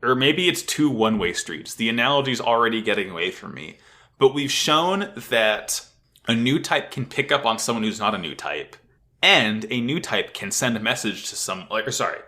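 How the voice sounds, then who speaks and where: A male podcast co-host retelling an anime episode with lots of energy and plenty of swearing. His voice is bright and lively, swinging up and down as he tells the story. He laughs often and talks in a loose, casual way. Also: medium pitch, moderate pace. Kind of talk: casual anime recap chat.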